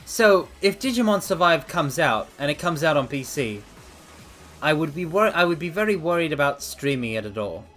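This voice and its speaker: A man streaming casual chat, theatrical and animated, calling his viewers mortals, a little out of breath. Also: fairly high pitch, moderate pace. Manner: animated, swings between loud outbursts and mock apologies. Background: faint background music.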